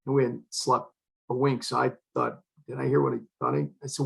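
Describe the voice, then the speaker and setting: A man's voice: mid-range voice, very animated, brisk, vocal fry, low-quality recording. An older man, a retired fire chief, telling an emotional personal story in an earnest way, acting out the dialogue of the people in it.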